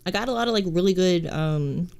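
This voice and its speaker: A woman's voice: fairly low pitch, expressive, fairly quick, vocal fry, a little mellow, clear, resonant tone. A young woman from the American South with a light Southern accent, chatting casually as a streamer, swearing freely and answering chat. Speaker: VTuber streamer.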